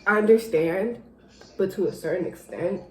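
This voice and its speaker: A woman's voice: medium pitch, normal speed, a little mellow, roomy sound. A woman co-hosting a spicy noodle challenge vlog at home, laughing and cursing bluntly. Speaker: vlogger. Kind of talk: casual chat.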